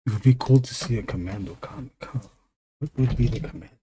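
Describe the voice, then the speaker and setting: A man in his forties, an illustrator chatting casually and haltingly while he draws on a stream. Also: medium pitch, mellow, slight background noise. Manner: rambling, halting, distracted asides. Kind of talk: casual chat while drawing.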